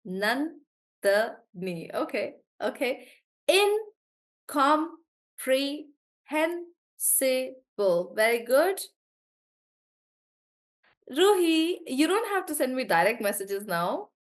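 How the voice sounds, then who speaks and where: A woman's voice: on the high side, big pitch swings, slow, long pauses. A woman from South India with a South Indian English accent, teaching pronunciation in a live online class, encouraging and breaking words into syllables.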